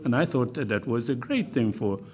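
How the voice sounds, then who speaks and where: An older man chairing a formal hearing, speaking slowly with many ums and uhs. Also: mid-range voice, animated, darkish tone. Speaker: commission chair.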